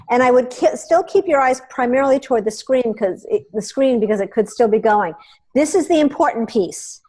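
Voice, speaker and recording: A woman's voice: a little high, a little mellow. Chatty woman walking through a tutorial. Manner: chatty and instructive, checks in with "okay?". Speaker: meeting host. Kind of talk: hands-on software tutorial.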